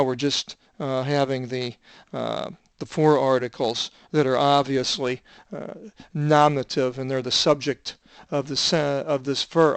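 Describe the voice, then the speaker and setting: An older man with a smooth yet gravelly voice teaches biblical Greek at a slow, halting pace. He fills his pauses with "uh" as he reads and spells out Greek words. The sound is dry and close. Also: medium pitch, no room sound. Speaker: Bible translator teaching Greek.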